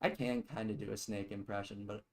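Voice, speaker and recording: A man's voice: lowish voice, little pitch movement, fairly quick, a little mellow, low-quality recording. Rambling, joking streamer man. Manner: rambling, joking asides, chats with viewers. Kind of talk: casual live gameplay commentary.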